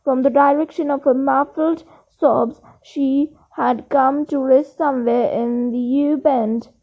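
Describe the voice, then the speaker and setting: A woman's voice: high-pitched, lo-fi sound. A woman reading a novel aloud in a plain way, now and then slipping and restarting words. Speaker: audiobook reader.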